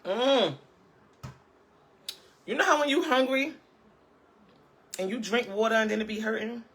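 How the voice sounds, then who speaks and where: Woman vlogger, off-the-cuff live-chat commentary, sharp bright tone, sassy and emphatic. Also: on the high side, unhurried, husky. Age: adult, parent of a school-age child. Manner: sassy, emphatic, punctuates points with "okay?" and laughs.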